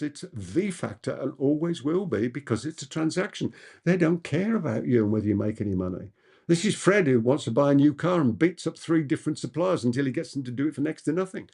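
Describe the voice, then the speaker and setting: Gravelly, emphatic man coaching. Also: a little high, warm tone. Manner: emphatic, repeats key points for effect. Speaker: business coach answering audience questions. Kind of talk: masterclass Q&A talk.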